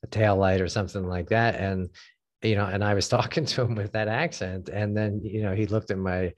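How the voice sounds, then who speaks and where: A man from the northern United States hosting a self-help podcast in a relaxed way, with lots of ums and uhs. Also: on the low side, a little fast. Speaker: podcast host.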